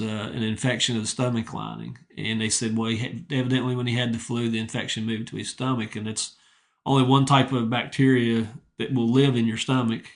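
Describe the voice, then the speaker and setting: Gravelly middle-aged man telling plain stories. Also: mid-range voice. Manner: humble, straightforward, rambling anecdotes. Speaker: retired wrestling coach, guest. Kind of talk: casual interview storytelling.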